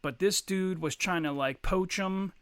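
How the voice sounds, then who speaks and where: A man's voice: sits high, a little slow, clear, resonant tone, no echo. A man casually telling a long, profane story on a podcast, mimicking the people in it. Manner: profane, animated, mimics others mid-story. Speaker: podcast co-host.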